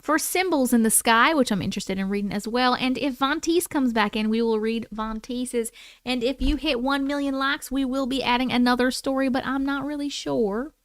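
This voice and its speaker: Speaking at a normal speed in a high voice, a woman reads viewers' stories aloud and chats with them casually on her livestream. She's playful and chatty and swears casually. The sound is clean studio quality without echo.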